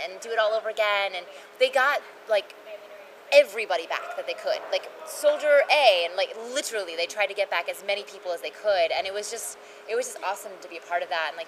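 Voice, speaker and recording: A woman voice actress chatting casually as an interview guest, lively and quick, jumping to high-pitched bursts when she acts out quotes. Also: slight background noise, low-quality recording. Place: convention venue.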